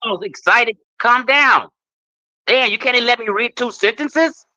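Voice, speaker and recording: Brief: high, bright-voiced man arguing hotly online, dry and dull audio. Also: normal speed, no room sound. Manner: reads aloud, curses, cuts in. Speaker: debate guest. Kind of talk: heated live debate.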